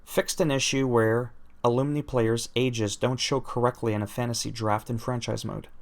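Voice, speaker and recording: A man's voice: mid-range voice, steady tone, moderate pace. A man reading out video game patch notes aloud, breaking off with self-deprecating jokes and laughing at his own asides. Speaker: gaming YouTuber.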